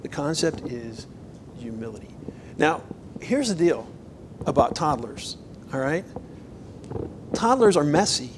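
A pastor preaching to his congregation, a man whose somewhat high voice swings from quiet asides to loud, emphatic bursts. He talks in a loose, conversational way, full of quick asides. A faint low rumble sits under the recording. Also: sing-song, poor audio. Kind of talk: sermon.

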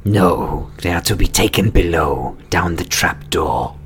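Tabletop game figure: a hulking male lizardfolk guard, put on by a man, deep-voiced and slow, hissing his words. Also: lively intonation, a bit bright. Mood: wary. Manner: slow hissing, whispery menace. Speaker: game master voicing a guard.

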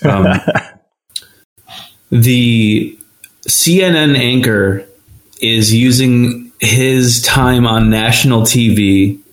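A man's voice: medium pitch, drawn-out words, long pauses. A man chats casually on a podcast, mocking the news in a rambling, sarcastic way. He often breaks into laughter between thoughts, and his voice sounds roomy and echoey. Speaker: podcast host. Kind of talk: casual profane commentary.

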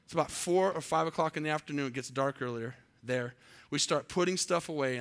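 A man preaching to a congregation in a bright, ringing voice that sits a little high. He tells his story with animation and keeps turning to the room with questions. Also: normal speed. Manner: animated, quizzes the audience. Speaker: pastor. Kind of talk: sermon storytelling.

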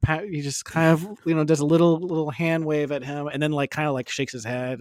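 A man's voice: fairly high pitch, flat delivery, fairly quick, darkish tone, dry recording. A man co-hosting a podcast, chatting casually and telling funny stories with laughs and acted-out quotes. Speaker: podcast co-host. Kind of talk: casual chat recapping a cooking show.

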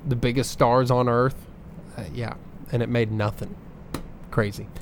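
A man's voice: mid-range voice, flat delivery, measured pace, slight background noise. A man co-hosting a casual podcast, running through figures with plenty of ums and uhs. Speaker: podcast co-host reading box office numbers. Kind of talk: casual chat.

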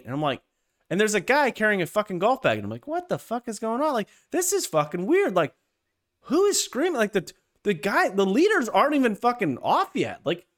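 A man co-hosting a golf podcast, telling a story in casual chat with heavy swearing and animated delivery. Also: sits high. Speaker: podcast co-host.

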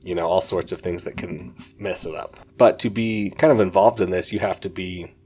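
Low-voiced man reviewing a book. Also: moderate pace, darkish tone, a little hiss or hum. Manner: enthusiastic, rambling, self-correcting. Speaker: podcast host.

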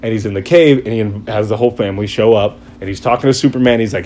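A man chatting casually, retelling a story in an excited, rambling way and acting out quotes. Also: on the low side, racing, few pauses, a little hiss or hum. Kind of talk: casual chat.

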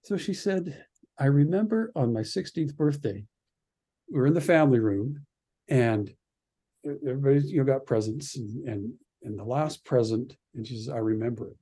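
A man from Canada, a radio producer and podcast guest, telling an animated story and acting out the voices of the people in it. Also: mid-range voice, normal speed, breathy edge. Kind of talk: animated anecdote in a podcast interview.

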